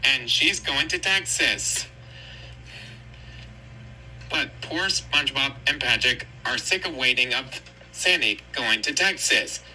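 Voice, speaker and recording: A man's voice: medium pitch, animated, slow, pauses often, pushed and bright, slight background noise, rough recording. A man casually retelling a cartoon episode in a rambling, repetitive way. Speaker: storyteller.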